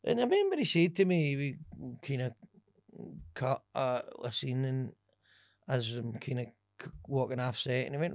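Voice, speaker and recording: A man's voice: medium pitch, moderate pace, no room sound, clean studio sound. A Scottish man, a stand-up comedian, telling swear-laden stories in a casual podcast chat. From Scotland. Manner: animated, swearing, laughing storyteller.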